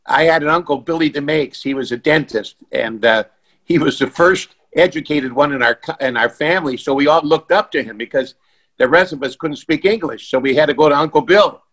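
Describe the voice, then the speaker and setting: A man's voice: on the high side, a little fast, a bit bright. Earnest, reflective man asking questions. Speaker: panel guest asking questions. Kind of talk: casual panel chat.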